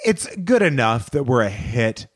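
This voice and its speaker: A man co-hosting a podcast, chatting casually and ranting in a joking, animated way. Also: mid-range voice, unhurried, no room sound, studio quality. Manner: animated, joking, rants freely. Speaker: podcast co-host. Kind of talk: casual chat.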